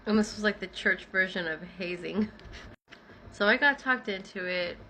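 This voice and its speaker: A woman's voice: mid-range voice, normal speed, slight background noise, rough recording. A woman telling a personal story in a casual vlog, acting out the dialogue as she recounts it. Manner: animated retelling with acted-out dialogue.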